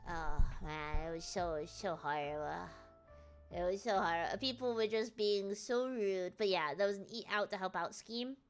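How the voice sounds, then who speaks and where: A woman from northern England chatting casually on a live stream, excitable and rambling, with faint music behind. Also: medium pitch, normal speed.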